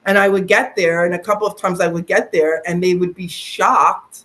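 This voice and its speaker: A middle-aged woman from Canada speaks as a podcast guest. She tells her story in an animated, conversational way. She often slips into the voices of the people she quotes. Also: fairly low pitch, normal speed.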